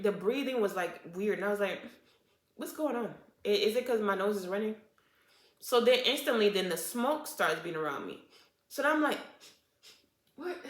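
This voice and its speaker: A woman telling a storytime vlog in a casual, animated and indignant way, full of restarts and "like". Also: fairly high pitch. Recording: echoey room.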